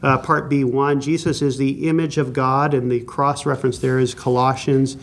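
A man teaching a Bible class from an outline, earnest and emphatic, slowing down to stress key points. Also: medium pitch, level tone. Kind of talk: sermon-style Bible teaching.

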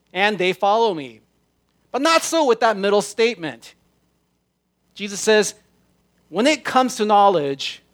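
A man with a notably high voice delivers a sermon. He preaches in an emphatic way and draws out the scripture he quotes, one deliberate phrase at a time. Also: a bit bright. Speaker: pastor.

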